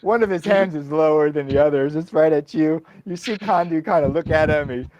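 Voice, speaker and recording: A man acting as game master, narrating a tabletop game in a halting way with fillers and chuckles. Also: a little high, a little mellow, no echo, highs cut off.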